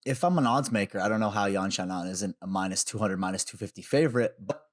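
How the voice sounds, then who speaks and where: A man's voice: fairly low pitch, quick pace. A man on a sports podcast making fight picks with a joking tone. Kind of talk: casual sports podcast chat.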